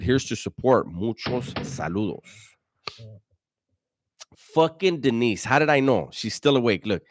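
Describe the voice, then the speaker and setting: A man's voice: medium pitch, no echo, studio quality. A middle-aged man hosting a casual livestream, telling stories and answering viewers in profane street slang with many restarts. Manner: profane, slang-heavy storytelling, frequent restarts. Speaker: livestream host. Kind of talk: casual livestream chat reading viewer donations and comments.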